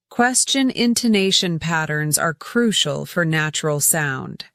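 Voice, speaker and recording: A woman narrating a scripted English lesson, speaking deliberately and repeating words for pronunciation drills. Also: on the low side, a bit bright, no room sound, studio quality. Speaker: English teacher.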